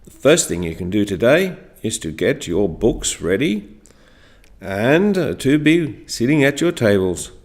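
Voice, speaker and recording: Guy teaching a class, talks real slow and clear, voice jumps way up and down when he shows examples. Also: very animated. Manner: slow, deliberate, spelling and counting aloud for pupils; exaggerated rising pitch on demonstration words. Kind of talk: classroom instruction.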